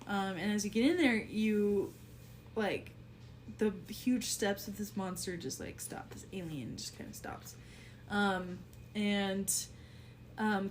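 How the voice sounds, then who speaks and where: A woman's voice: medium pitch, a little hiss or hum. A woman narrating a tabletop game as game master, giggly and full of fillers.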